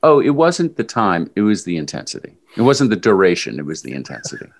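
A man with a very deep voice recounts a long run in relaxed conversation. He tells it as an animated story and sometimes jumps up into loud mimicry. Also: fast, creaky. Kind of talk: casual chat recounting a run.

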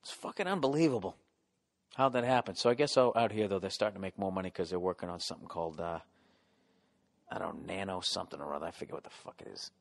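A middle-aged man with a Boston accent hosting his own podcast. He rants in a profane, comic style and yells at times. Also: deep voice, fast talker, creaky. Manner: profane, ranting, yelling at times. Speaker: podcast host. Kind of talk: solo comedic podcast rant.

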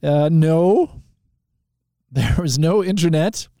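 A man's voice: on the high side, very slow, warm tone, no room sound, studio quality. A man from Canada hosting a live call-in talk show, chatting casually with rambling asides, fillers and restarts.

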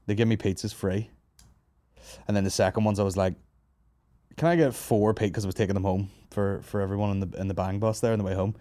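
A man's voice: on the low side, fairly even intonation, fast talker, dark tone, no echo. A man hosting a comedy podcast, telling rambling, sweary stories and laughing at his own jokes. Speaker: podcast host. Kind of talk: casual comedy podcast banter.

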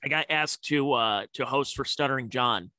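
Bright-voiced man, chatty and laughing. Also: medium pitch, moderate pace, no room sound. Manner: laughs often, chatty anecdotes. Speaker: podcast co-host. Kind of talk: casual comedy podcast chat.

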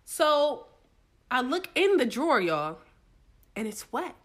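Young woman, podcast co-host, animated and swearing, pitch swings wide, sits a bit high. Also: moderate pace. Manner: animated, profane, laughing storyteller. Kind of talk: casual storytelling chat.

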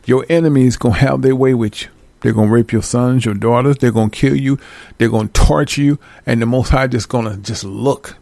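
A man's voice: mid-range voice, steady tone, fairly quick, gravelly, mellow, no echo. A man preaching in a casual street style, giving blunt, slangy warnings to his followers. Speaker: religious teacher addressing followers.

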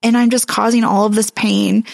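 A woman's voice: medium pitch, little pitch movement, moderate pace, creaky, darkish tone, no echo. A woman in her thirties co-hosting a podcast, talking earnestly and openly in casual chat and laughing easily. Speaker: podcast co-host.

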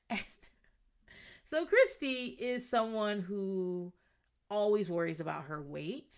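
A woman hosting a podcast, telling a reality show recap in a casual, animated way, acting out quotes and swearing freely. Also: mid-range voice, slow, long pauses, smooth. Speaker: podcast host.

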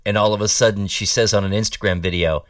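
A man's voice: fairly low pitch, steady tone, fast, dry recording, clean studio sound, distant mic. A man hosting a talk show and giving opinionated political commentary in a sarcastic, mocking, rambling way.

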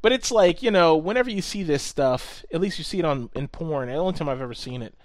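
A man telling a story in casual chat, animated, swearing often and acting out what people said. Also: on the high side, fast talker, no echo.

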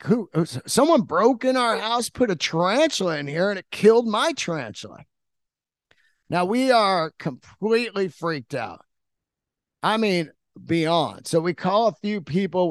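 A man's voice: high voice, no room sound, clean studio sound. A middle-aged man telling a rambling, profane story in a casual monologue as a podcast host.

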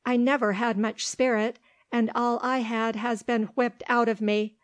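A woman's voice: fairly high pitch, flat delivery, a little slow, dry recording, natural voice. A woman reading the lines of a timid, frightened little female dog in a storybook, in a shrinking, fearful way. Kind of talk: audiobook reading.

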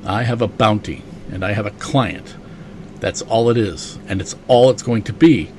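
A man reading comic dialogue aloud as a gruff, businesslike male bounty hunter, quiet and flat. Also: on the low side, moderate pace, slight background noise, natural voice.

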